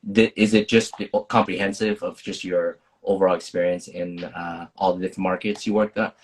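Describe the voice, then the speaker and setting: A man's voice: low voice, steady tone, normal speed, breathy edge. A man hosting an interview, asking hesitant questions with restarts. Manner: hesitant questions with restarts, brief backchannel replies. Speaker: interview host. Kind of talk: conversational interviewing.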